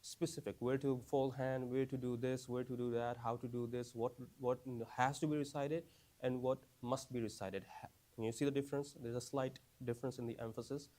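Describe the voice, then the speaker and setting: Man in his own voice leading a relaxed class, mid pitch, keeps checking "right?" with the room. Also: a little fast. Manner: conversational, asks the class many questions; repeats phrases, frequent "right?" and "you understand?". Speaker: teacher of a class for new Muslims. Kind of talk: casual classroom teaching.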